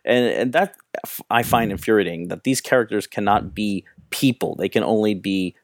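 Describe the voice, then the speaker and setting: A man's voice: lowish voice, normal speed, dry recording, clean studio sound. A man co-hosting a podcast, talking about films in a casual, opinionated and emphatic way. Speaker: podcast co-host, film critic. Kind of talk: casual film review chat.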